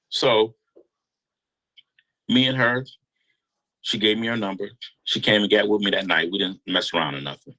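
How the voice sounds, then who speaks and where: A man telling a long story in a casual interview, animated and slangy. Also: lowish voice, normal speed, pauses often, low-quality recording. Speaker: guest storyteller.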